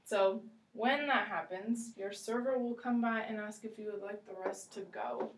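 A woman teaching English, slow and encouraging, repeating phrases for a learner. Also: mid-range voice, recorded from a distance, a little hiss or hum. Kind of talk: ESL role-play lesson. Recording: echoey room, voice from afar.

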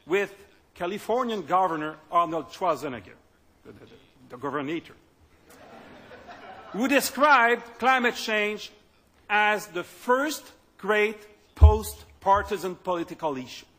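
A party leader delivers a political speech in a high, bright, slightly husky voice. He speaks emphatically and sometimes repeats words as he searches for them. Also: lively intonation. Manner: emphatic, with halting repetitions.

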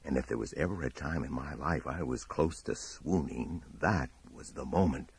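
A man reading a horror audiobook in a measured, dramatic storytelling manner. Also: a bass voice, slightly rough, dry recording. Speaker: audiobook narrator. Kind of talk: scripted horror narration.

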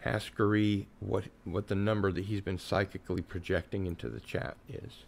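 Gravelly-voiced man hosting a stream. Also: sits low, fairly even intonation, normal speed, slight background noise. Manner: easygoing, runs the giveaway. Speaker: watch party host.

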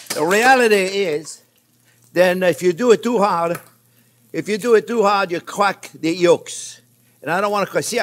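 Older guy chef talking you thru breakfast, kinda high voice, calls everyone friends. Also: slight background noise. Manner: chatty and reassuring, calls viewers friends; lively pitch swings, laughs at his own slips. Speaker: cooking show host and chef. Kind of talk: casual cooking demonstration.

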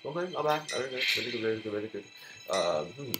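An excitable man narrates his own card game, repeating phrases and calling out to his opponent. His pitch leaps up and down as he reacts. The recording is noisy, with mouse clicks underneath. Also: fast. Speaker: gameplay commentator. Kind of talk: casual live gameplay commentary.

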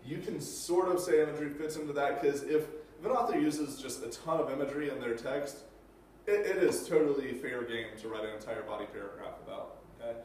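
A man's voice: mid-range voice, brisk, darkish tone, slight background noise. A male teacher giving a casual classroom lecture, checking in with rhetorical questions and filler words. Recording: echoey room, mic far off.

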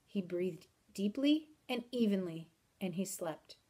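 A woman narrating a children's novel aloud in an even, measured storytelling manner. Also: mid-range voice, husky. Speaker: audiobook narrator.

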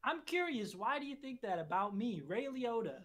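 A cocky, foul-mouthed male film star , put on by a woman, who goes from wounded pride to a full profane tirade. The delivery leaps all over in pitch and never lets up on the insults. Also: very animated, normal speed, a bit bright. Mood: mock offended. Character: brash aggressive male movie star impression. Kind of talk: comedic impression in casual chat.

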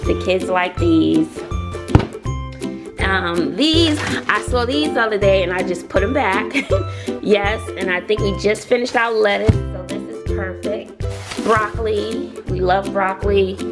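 A woman's voice: mid-range voice, measured pace, over music. Chatty Southern woman vlogging. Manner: chatty, laughing, talks straight to viewers. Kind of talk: casual chat to camera.

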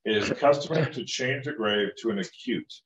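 A man's voice: fairly low pitch, brisk. A man reading textbook passages aloud in class and asking short questions. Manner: reads steadily, asks short questions. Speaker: student. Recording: roomy, distant and muffled.

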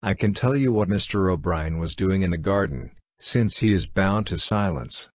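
A man's voice: deep voice, animated, moderate pace, no room sound, clean studio sound. A man reading as a brave young noblewoman. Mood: courageous. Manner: clear, quivering, courageous.

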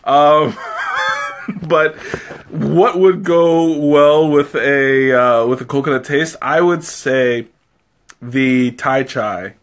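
A man's voice: on the high side, sing-song, extremely slow. Giggly rambling man, runny-nosed. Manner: giggly, rambling and self-mocking. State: runny nose from spicy tea. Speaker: live-stream tea taster. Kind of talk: casual live-stream chat.

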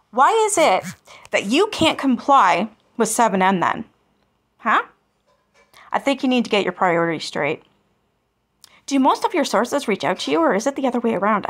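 A woman with a high, fairly bright voice runs a commentary channel where she reads out comments from the internet. She responds with sarcasm and scorn, and she swears freely.

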